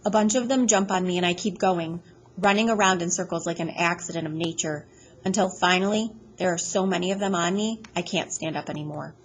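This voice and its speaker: A woman reading a first-person audiobook chapter aloud in a plain, steady storytelling manner. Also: on the low side, fairly quick, a little hiss or hum, poor audio. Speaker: audiobook reader.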